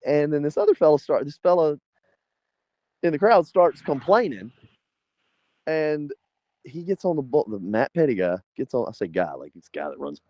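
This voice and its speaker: A man from South Carolina tells a long story as an interview guest, his voice swinging up and down with animated energy, laughing as he goes. He sounds like he is in his forties. The sound is dry and a little dull, with a slightly lo-fi edge. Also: a little high, moderate pace, pauses often, no echo. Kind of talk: casual storytelling.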